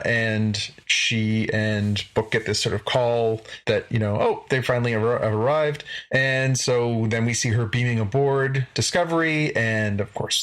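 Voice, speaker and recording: A man with a fairly low voice hosts a podcast, walking through a TV episode in a loose, chatty way. He strings thoughts together with plenty of fillers and acts out lines as he goes. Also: a bit bright. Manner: loose retelling with many fillers and acted quotes. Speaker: podcast host recapping an episode. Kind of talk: casual chat.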